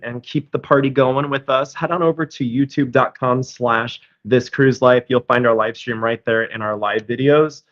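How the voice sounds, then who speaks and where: A man's voice: mid-range voice, a bit bright, highs cut off. Easygoing man reading viewer comments. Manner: easygoing, agreeable, reads comments aloud. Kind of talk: casual live-stream chat.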